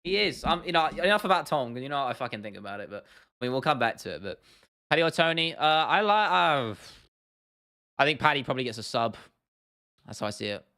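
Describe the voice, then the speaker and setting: Young southern English man, livestream host, loose and chatty, bright, smooth delivery. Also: mid-range voice, lively intonation, quick pace. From southern England. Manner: chatty, laughs often, repeats himself, addresses chat as bro and lad. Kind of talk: casual livestream chat reading viewer comments.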